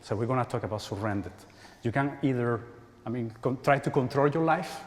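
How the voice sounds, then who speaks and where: Spanish guy in his 40s giving a talk, keeps repeating himself, laughs a lot, long echo in a big hall. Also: mid-range voice. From Spain. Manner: halting, repeats words, laughs often. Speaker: conference speaker. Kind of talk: conference talk. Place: large church hall. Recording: hall reverb.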